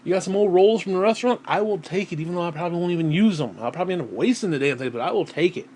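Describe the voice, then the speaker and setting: A man's voice: sits high, lively intonation, very fast, darkish tone, a little hiss or hum. Blunt swearing man ranting to camera. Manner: blunt, heavy swearing, sighs and clears throat between thoughts. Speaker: vlogger. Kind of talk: profane personal rant to camera.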